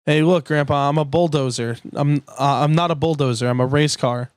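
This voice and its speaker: A man's voice: a little high, normal speed, clean tone, dry recording, lightly acted. A man voicing a cocky, impatient young male race car in a cartoon. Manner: brash and impatient.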